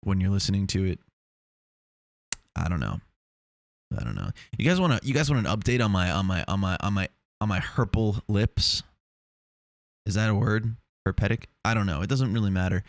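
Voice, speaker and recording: A man's voice: on the low side, brisk, dry recording. A young man from Long Island hosts a solo podcast, rambling and swearing, and he gets fired up and restarts his sentences a lot. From Long Island, New York. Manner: rambling, profane, excitable, many restarts. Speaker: podcast host. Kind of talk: casual solo podcast monologue. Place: small foam-treated home room. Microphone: lav or shotgun mic in a home studio.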